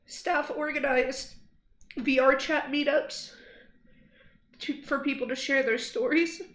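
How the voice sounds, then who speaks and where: Young woman streamer, high voice, slow and halting, upset and angry, in an echoey room. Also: fairly even intonation, fairly bright tone. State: shaken after crying. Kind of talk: emotional livestream address. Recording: roomy echo.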